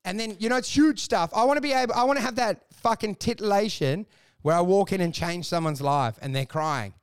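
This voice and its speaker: A man's voice: sits high, fairly quick, smooth. A man co-hosting a podcast in casual comedic banter, riffing and acting out mock conversations with lots of swearing. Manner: animated riffing, acts out mock dialogue, swears. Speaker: podcast co-host.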